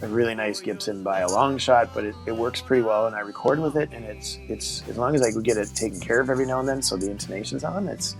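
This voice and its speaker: Man, host, gravelly voice, rambling, enthusiastic, faint background music. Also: on the low side, fast talker, hardly any pauses, poor audio. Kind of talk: casual video-call interview.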